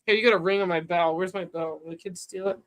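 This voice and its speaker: A woman's voice: on the low side, steady tone, fast. A woman hosting a live stream in casual chat. She rambles loosely and swears freely.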